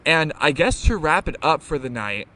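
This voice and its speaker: A man's voice: fairly high pitch, big pitch swings, moderate pace, bright, forceful tone, a little hiss or hum. A young man hosting a live podcast interview, talking in a rambling, casual way with lots of fillers and swearing. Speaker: podcast host.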